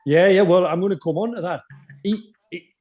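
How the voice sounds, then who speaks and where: A man hosting a podcast, telling lively casual stories about former teammates with quoted asides. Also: sits high, fairly quick. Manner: animated anecdotes with quoted asides. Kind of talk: casual storytelling chat.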